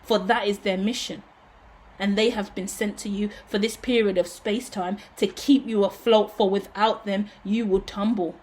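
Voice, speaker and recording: A woman's voice: mid-range voice, steady tone, moderate pace, darkish tone. A woman reading tarot cards aloud in a loose, chatty monologue. She talks with open emotion and gushing intensity, and swears casually along the way. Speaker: tarot reader.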